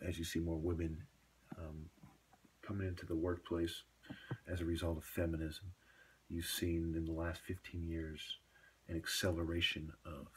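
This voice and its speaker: A man's voice: low voice, slight background noise. A man talking straight to camera in a long, rambling monologue, dropping into whispers for asides. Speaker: video blogger.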